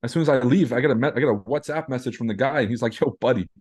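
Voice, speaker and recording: A man's voice: medium pitch, rapid-fire, darkish tone, slightly rough. A man hosting a live trading stream, chatting casually in a brash, profane, joking way while reacting to chat messages. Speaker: trading livestream host.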